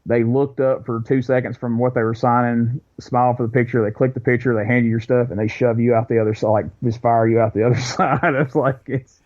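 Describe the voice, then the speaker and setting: Male podcast co-host, animated storyteller, average pitch, dull audio. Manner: animated storyteller, quick bursts, acts out quotes. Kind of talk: casual storytelling chat.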